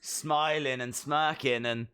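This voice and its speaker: A man giving excitable, jokey live commentary while watching a show along with viewers. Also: mid-range voice, slow, smooth. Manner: excitable, jokey, talks to himself. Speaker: live stream reactor.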